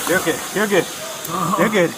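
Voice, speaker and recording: A police officer outdoors by a burning vehicle, giving urgent commands, recorded on a body camera. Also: male voice, high-pitched, moderate pace. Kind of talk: shouted field commands. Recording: noisy bodycam audio from a distance.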